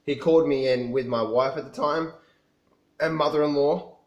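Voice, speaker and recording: A man's voice: a little high, fairly even intonation, moderate pace, dull audio. A man telling his own story to camera in a casual, rambling way, often restarting and repeating himself. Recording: echoey room.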